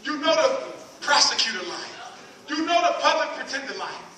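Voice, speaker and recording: A man with a very high, sharp, piercing voice lectures a live audience with emphatic force, firing questions at the crowd and climbing to shouts. He is heard from far off in an echoey hall with faint background noise. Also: big pitch swings, moderate pace. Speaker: public lecturer.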